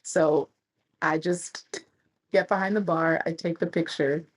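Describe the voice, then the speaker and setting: A woman in her thirties, a travel vlogger telling stories casually, acting out quotes with big jumps in pitch. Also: fairly even intonation, measured pace, slightly rough, poor audio. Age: 30s. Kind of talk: casual storytelling.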